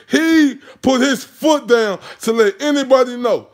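A man's voice: very high voice, a little slow, hardly any pauses. A man ranting about boxing on his channel, heated and mocking, swearing constantly. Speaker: boxing commentary vlogger. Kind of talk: profane casual rant.

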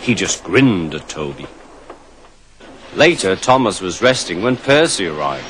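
A man narrating a children's storybook in an expressive, storytelling way, with music behind. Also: low voice, a little slow, slight background noise.

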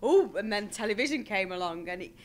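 An actress chatting as a guest in an interview, animated and laughing often. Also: female voice, mid-range voice, moderate pace. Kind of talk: casual chat.

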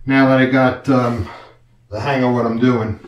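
Working on a wall mount in a room he's turning into a studio, a DIY video maker explains each step casually while making self-deprecating jokes. His medium-pitched voice barely moves in pitch and keeps a moderate pace; the highs are cut off, with a roomy echo and faint noise behind.

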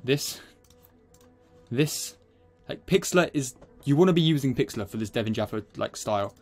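A man's voice: mid-range voice, animated, fairly quick, a little mellow, soft background music. A young man hosting a casual editing tutorial, rambling and chatty, a bit out of breath, calling his viewers boys. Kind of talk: casual screen-recorded tutorial.

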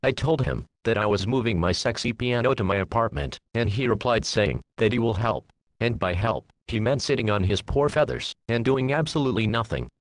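A man narrating a comedic parody storybook in the first person, in a deadpan way full of crude jokes. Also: mid-range voice, brisk, dry recording.

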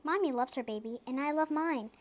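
A woman reading children's picture books aloud, chatting between pages and playing up the sound words in a lively, sing-song way. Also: high voice, brisk. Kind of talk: storybook read-aloud with casual chat.

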